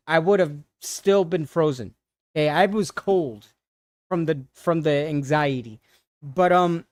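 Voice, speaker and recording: A man on a livestream retelling an upsetting encounter in a halting, shaken way, with many restarts. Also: high voice, no room sound, studio quality. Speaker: streamer. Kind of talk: casual storytelling on a livestream.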